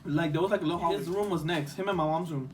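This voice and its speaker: A man's voice: fairly high pitch, rapid-fire. A young man telling a storytime vlog story in casual chat, rambling with lots of fillers and a few Spanish words. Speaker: vlogger.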